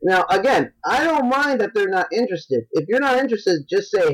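A man co-hosting a podcast in casual chat, dropping deadpan wisecracks and blunt, profane complaints. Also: sits high, normal speed, poor audio. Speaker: podcast co-host.

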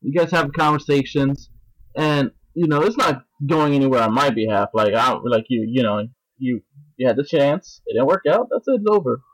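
A man's voice: medium pitch, normal speed, no room sound, low-quality recording. A man co-hosting a podcast, venting in casual chat. He rambles, swears and mimics other people's voices. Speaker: podcast co-host.

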